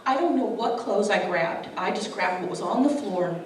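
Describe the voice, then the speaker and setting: A woman's voice: mid-range voice, lively intonation, normal speed, a little hiss or hum. A woman telling a personal story with earnest emotion, acting out the dialogue she recounts. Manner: earnest, acts out quoted dialogue. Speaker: speaker sharing her testimony. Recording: echoey room, distant mic.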